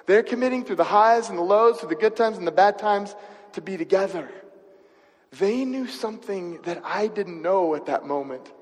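A man's voice: high voice, expressive, moderate pace, in a large hall. A man preaching a sermon and telling a personal story in a conversational way, often asking his listeners questions. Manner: conversational, asks the audience questions. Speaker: pastor.

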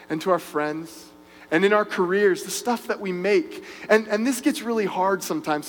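A man with a fairly high voice preaches to his congregation, earnest and storytelling, stumbling through restarts as he goes. His voice rings with a long reverb tail, as in a church hall. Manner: earnest, many restarts and fillers. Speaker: pastor. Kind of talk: sermon storytelling.

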